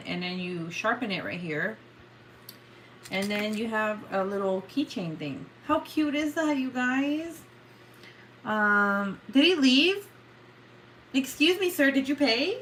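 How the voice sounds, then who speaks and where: A woman's voice: on the high side, fairly bright tone, a little hiss or hum. A woman hosting a casual livestream, joking with viewers, swearing freely and often breaking into laughter. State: coughing. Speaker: livestream host.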